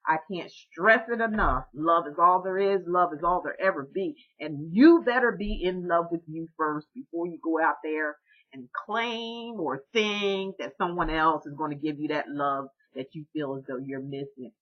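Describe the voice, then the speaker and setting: A woman doing a tarot reading for her viewers, talking in an excited, encouraging way and repeating herself often. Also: sits low, normal speed, dull audio. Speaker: tarot reader.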